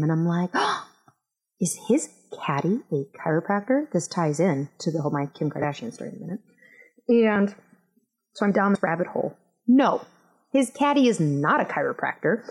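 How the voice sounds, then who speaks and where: A rambling, self-mocking woman in her thirties hosts a podcast solo. Her voice sits a bit low for a woman, and she wanders through quick asides in casual chat. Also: darkish tone, poor audio. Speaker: podcast host.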